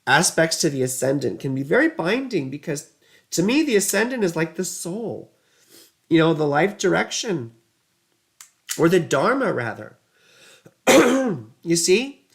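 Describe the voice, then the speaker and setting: A woman's voice: on the low side, big pitch swings, a little slow, gravelly, long pauses. A woman giving a casual astrology reading, chatty and rambling, drifting into side stories. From United States. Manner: rambling, digressive, chatty, self-mocking.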